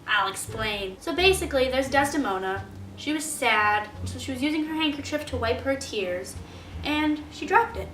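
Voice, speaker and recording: A woman's voice: high-pitched, animated, moderate pace, fairly bright tone, recorded from a distance, a little hiss or hum. A young woman student retelling a play's plot in a casual, chatty way, full of fillers. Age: young adult. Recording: roomy echo, faint music.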